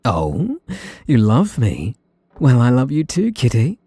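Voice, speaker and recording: A man with a British accent playing a possessive, sweetly menacing young male mage in an ASMR role-play, talking in a soft, teasing, condescending way. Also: mid-range voice, huge pitch swings, slow, breathy edge, no room sound, full character voice. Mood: soothing.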